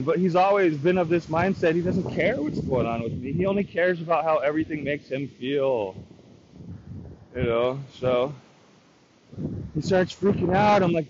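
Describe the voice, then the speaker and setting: Man in a casual vlog, venting in a rambling, frustrated way. Fairly high voice, muffled recording, loud noise behind. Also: moderate pace. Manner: rambling, frustrated, quotes himself in dialogue. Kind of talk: casual storytelling rant.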